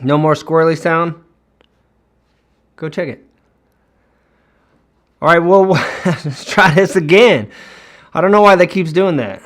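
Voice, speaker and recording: A man's voice: on the high side, slow pace, pauses often, fairly bright tone. A man hosting a casual weekly livestream from home, greeting viewers by name and laughing often.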